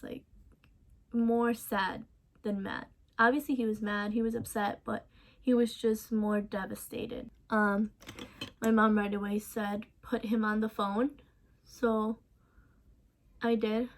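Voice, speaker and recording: A young woman in a casual storytime vlog, recounting events softly with many ums and restarts. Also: medium pitch. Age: young adult. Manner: casual, soft-spoken storytelling with many fillers. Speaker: vlogger.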